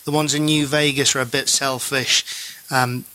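A man's voice: medium pitch, level tone, normal speed, pushed and bright. A man co-hosting a casual gaming chat, explaining things with hesitant fillers.

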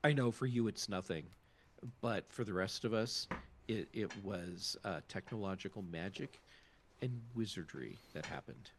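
Easygoing male podcast host, low pitch, faint background noise. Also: expressive, normal speed. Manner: loose, upbeat, many fillers. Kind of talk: casual podcast chat.

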